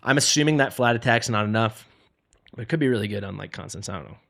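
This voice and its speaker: A man's voice: lowish voice, fast, creaky, a bit bright. A man streaming a mobile game live, joking and playfully dramatic as he sorts through gear. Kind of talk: live gameplay commentary.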